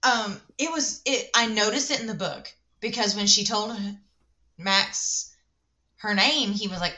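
A woman's voice: on the high side, measured pace, pushed and bright. Chatty woman with plenty of fillers. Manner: chatty, many fillers, laughs easily. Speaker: book club podcast co-host. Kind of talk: casual chat.

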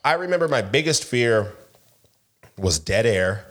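A middle-aged man co-hosting a podcast, telling animated stories in casual chat and laughing often. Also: medium pitch, a little slow. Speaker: podcast co-host.

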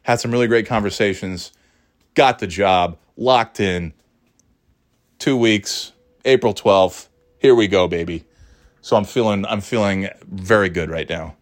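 A man's voice: fairly low pitch, unhurried. A man in his thirties telling a story in a casual podcast chat, rambling with restarts, swearing and laughing at his own jokes. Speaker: podcast host.

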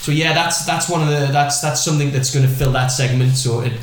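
A man, hosting a casual podcast chat and teasing his guest with quickfire questions. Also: fairly high pitch, fairly even intonation. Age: 20s. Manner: teasing, laughs often. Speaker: podcast host. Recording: very echoey room with background noise.

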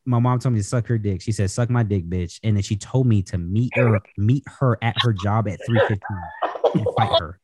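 A man's voice: lowish voice, brisk, breathy edge. A young man casually telling a long, profane family story on a podcast, acting out the dialogue. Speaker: podcast co-host.

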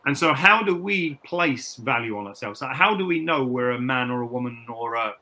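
A man's voice: mid-range voice, lively intonation, normal speed, sharp tone. A middle-aged man from the United Kingdom, a personal trainer, talking reflectively in a candid interview, often repeating words and restarting sentences.

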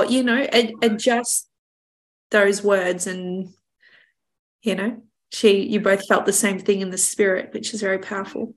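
A woman's voice: mid-range voice, steady tone, a little slow, low-quality recording. A woman hosting a faith podcast, affirming and reflective in casual conversation. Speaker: podcast host.

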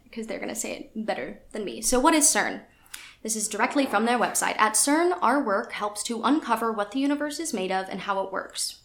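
A woman's voice: medium pitch, roomy sound. A woman co-hosting a podcast, chatting casually with lots of fillers and reading passages aloud from a website. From United States. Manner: chatty, filler-heavy, self-deprecating. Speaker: podcast co-host.

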